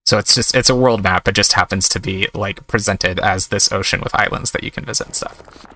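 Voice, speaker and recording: Chatty gravelly game commentator man. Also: lowish voice, a little fast, bright, forceful tone. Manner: chatty, amused, thinks aloud. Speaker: let's-play host. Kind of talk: casual gameplay commentary.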